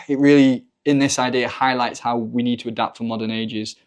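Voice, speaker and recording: A man's voice: medium pitch, steady tone, moderate pace, clean tone. A man chatting as a podcast guest, talking thoughtfully in a rambling way with many fillers. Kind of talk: casual spiritual discussion.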